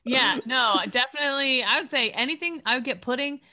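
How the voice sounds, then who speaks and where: Bright-voiced, blunt woman in banter. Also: high-pitched, a little fast, no echo. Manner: blunt, laughing, swears freely. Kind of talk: casual group banter.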